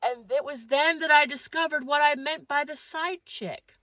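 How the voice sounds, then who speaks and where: A woman's voice: sits high, normal speed, dry recording. A woman from northeastern Pennsylvania telling a crude, exaggerated comic story. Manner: animated, crude, exaggerated delivery. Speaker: comedian.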